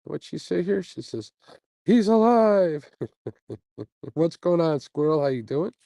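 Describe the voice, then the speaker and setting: Sleepy and yawning after an all-nighter, a man hosts a casual fishing-channel livestream, reading viewer comments in a laid-back, chatty way full of fillers and little laughs. His voice is on the high side, expressive and unhurried, mellow with vocal fry and a breathy edge. It's captured on a phone's earbuds mic with no echo, and the recording is rough.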